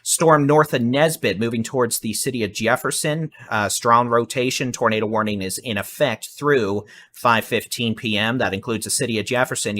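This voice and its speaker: A man giving fast, urgent live severe weather warnings and repeating safety instructions. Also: on the low side, a bit bright. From Texas.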